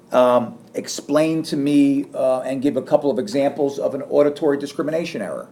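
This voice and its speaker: A middle-aged man giving a classroom lecture, animated and acting out sarcastic lines as examples. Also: mid-range voice, fairly quick, few pauses. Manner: animated, acts out sarcastic quotes. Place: lecture room.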